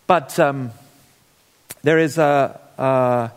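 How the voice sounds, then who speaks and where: A man from Scotland preaches as a guest speaker, mixing scripture with personal stories and dry asides. His voice sits at an average pitch and carries a long church reverb. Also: fairly even intonation, extremely slow, clear, resonant tone. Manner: informal, storytelling, wry asides. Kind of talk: sermon. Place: church hall.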